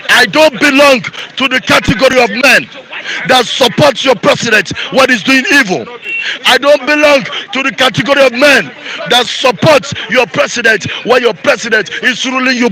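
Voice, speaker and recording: A man's voice: extremely high pitch, pushed and bright, rough recording. A Nigerian man with a Nigerian accent, giving an angry, repetitive rant in a street interview.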